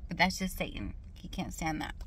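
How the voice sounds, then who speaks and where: A woman's voice: low-pitched, animated, moderate pace, fairly bright tone, breathy edge. A young woman vlogging casually about her faith from her car, rambling and emphatic, often losing her train of thought. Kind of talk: casual spoken testimony with scripture reading. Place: parked car.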